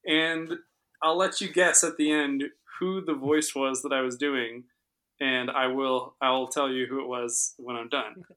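Bright playful man on a podcast. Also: mid-range voice, fairly even intonation, a little slow. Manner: playful, builds up a bit. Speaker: podcast co-host. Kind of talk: casual podcast chat.

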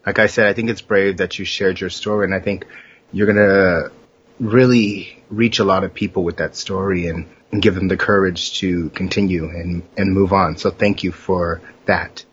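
A man hosting a comedy talk show, with a smooth pitchman delivery. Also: steady tone, moderate pace, lo-fi sound, a little hiss or hum.

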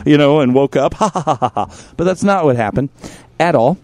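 A middle-aged man hosting a radio show animatedly tells a crude comic story, swearing freely and bursting into shouted impressions. His voice is a little high and a little fast, with no echo.

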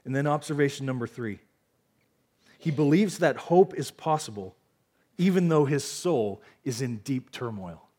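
A man's voice: medium pitch, animated, unhurried, warm tone, husky. Earnest man preaching a sermon. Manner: earnest, repeats key lines for emphasis. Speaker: pastor. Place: church sanctuary.

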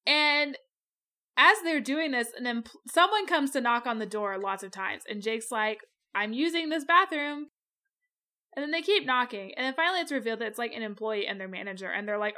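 A woman's voice: fairly high pitch, animated, moderate pace, pushed and bright. A woman co-hosting a casual book podcast, talking animatedly, laughing often and acting out the characters she quotes. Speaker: podcast co-host.

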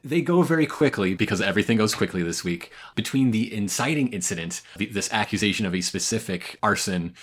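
A man co-hosting a podcast in casual recap chat, joking wryly with quick laughs and playful asides. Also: fairly low pitch, lively intonation, husky. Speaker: podcast co-host.

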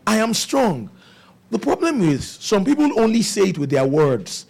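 A man's voice: sits high, very animated, normal speed, creaky, a little mellow. A man preaching a sermon, asking the congregation rhetorical questions.

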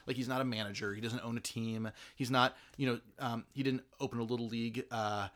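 A man's voice: mid-range voice, steady tone, fairly quick, hardly any pauses, fairly bright tone. A man talking through a film in a casual chat, rambling with many fillers and restarts.

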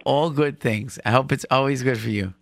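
A man's voice: medium pitch, normal speed, gravelly, a bit bright. A man hosting a call-in radio show, chatty and encouraging, often repeating his phrases.

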